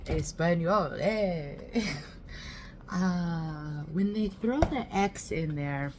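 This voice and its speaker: A woman's voice: fairly low pitch, animated, extremely slow, background noise. A woman chatting casually in a rambling, chatty way while cooking in her home kitchen for her vlog. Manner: rambling, chatty, fond of swearing. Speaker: vlogger host.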